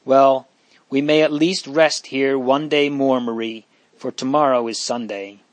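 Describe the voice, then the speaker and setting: A man voicing a thoughtful teenage boy who looks after his siblings, calm and steady, in a dry recording. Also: medium pitch, a little slow, no room sound, close to an everyday voice. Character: thoughtful older boy, protective brother.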